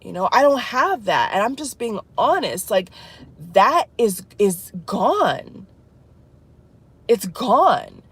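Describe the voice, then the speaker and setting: A woman talking to her viewers in an emotional spiritual vlog, distraught and tearful, halting and repeating herself. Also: fairly high pitch, big pitch swings, fairly bright tone, husky. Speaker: vlogger.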